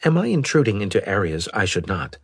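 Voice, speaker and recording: A man voicing a polite male alien AI that speaks in a formal, measured, robotic way. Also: lowish voice, very animated, slightly rough, dry recording, clean studio sound, exaggerated voice.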